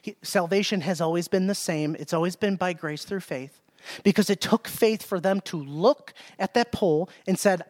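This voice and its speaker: A man's voice: sits high, normal speed, a little mellow. A man preaching a sermon, emphatic and repeating phrases as he reads scripture aloud.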